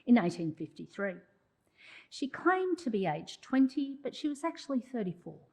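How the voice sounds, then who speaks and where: A woman's voice: high-pitched, sing-song, normal speed, darkish tone, poor audio. A woman, a journalism historian delivering a prepared public lecture with wry asides to the audience. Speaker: journalism historian giving an oration.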